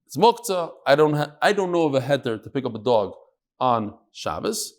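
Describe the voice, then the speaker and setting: A man's voice: mid-range voice, very animated, moderate pace. A man teaching a Talmud class to a room of listeners, joking in asides between readings of the text. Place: classroom with live audience.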